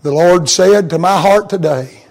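A pastor preaching a sermon to his congregation, swinging from soft, intimate tones to high, chanted, fervent appeals. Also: moderate pace, gravelly, rough recording.

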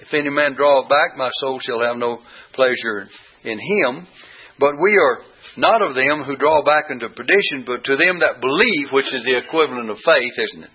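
A man's voice: medium pitch, moderate pace, sharp tone, husky. A man teaching a Bible study lesson, reading verses aloud and repeating key words with rising emphasis. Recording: dull lo-fi recording.

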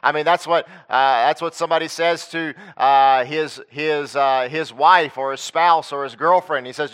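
A man's voice: a little high, moderate pace, few pauses, a bit bright, clear, resonant tone. A man preaching a sermon in a conversational way, asking the congregation questions and repeating his points.

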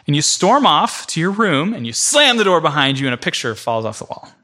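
Male preacher with a slightly high, forceful voice, storytelling casually to a congregation. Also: very animated, a little fast. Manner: vivid storytelling in the second person, addressing the room directly. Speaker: preacher teaching a church class. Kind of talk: conversational teaching before a congregation.

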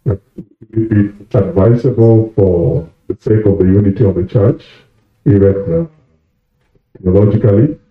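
A man in the audience asking a question at a conference, hesitant and pausing with fillers. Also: fairly low pitch. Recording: tinny echoey hall mic.

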